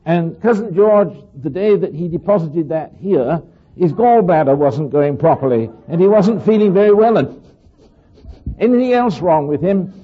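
A man's voice: on the high side, animated, moderate pace, breathy edge, muffled recording. An older man giving a rambling, anecdotal talk to an audience, often asking his listeners questions and acting out little voices. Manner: chatty, asks listeners questions, acts out voices.

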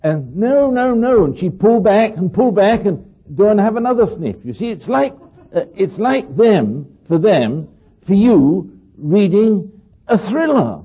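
Lively older man telling stories. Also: high-pitched, a little slow, husky, lo-fi sound. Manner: chatty, asks listeners questions, acts out voices. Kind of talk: rambling anecdotal talk to an audience.

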